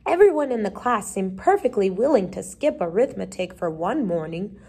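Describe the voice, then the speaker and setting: A woman reading a children's chapter book aloud, giving the characters short lively voices, with the odd slip and restart. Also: mid-range voice, moderate pace, husky. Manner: lively, brief changes of voice for the characters, occasional slips and restarts. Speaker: reader. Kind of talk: storybook read-aloud.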